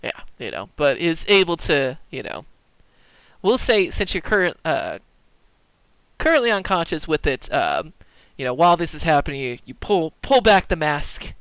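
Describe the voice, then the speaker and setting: A man's voice: fairly high pitch, sing-song, moderate pace, a bit bright, clear, resonant tone, no room sound. A man narrating as dungeon master in a casual tabletop game, talking loosely with many fillers. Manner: loose, filler-heavy descriptions.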